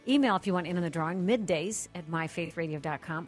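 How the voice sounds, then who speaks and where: A woman's voice: lowish voice, fast, soft background music. Enthusiastic female radio host. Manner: enthusiastic, emphatic promo reading. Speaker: radio talk show host. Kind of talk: radio show hosting.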